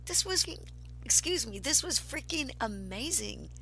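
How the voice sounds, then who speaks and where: A woman telling a personal spiritual story, slow and breathy, sometimes dropping to a whisper and sometimes turning emphatic. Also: a little high, slight background noise, rough recording. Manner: grows excited and emphatic.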